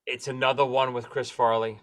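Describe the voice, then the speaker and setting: A man co-hosting a casual comedy podcast in an animated manner, leading the list and calling on the others. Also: mid-range voice, brisk. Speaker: podcast co-host.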